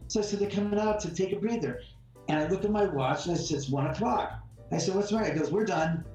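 A man's voice: high-pitched, fast, darkish tone. A man being interviewed, bluntly telling a heated story and acting out the exchanges in it. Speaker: guest homeowner. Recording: roomy, distant mic, faint music behind.

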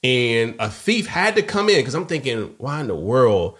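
A middle-aged man co-hosts a casual podcast, telling a personal story. His voice sits at an ordinary, middle pitch for a man, and he acts out the people in his story as he talks. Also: big pitch swings, moderate pace, a bit bright. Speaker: podcast co-host.

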